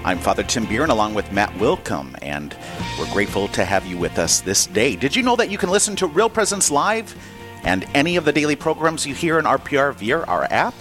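Lively male priest-host, animated anecdote teller, light music bed. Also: mid-range voice, fairly quick. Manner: animated storyteller, laughing often. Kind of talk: casual radio chat.

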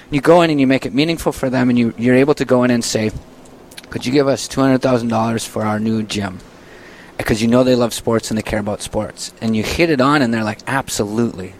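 A man hosting a casual faith discussion, chatty and animated, often laughing and slipping into quoted voices. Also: medium pitch, fast talker, slight background noise, low-quality recording. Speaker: host. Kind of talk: casual Catholic Q&A talk.

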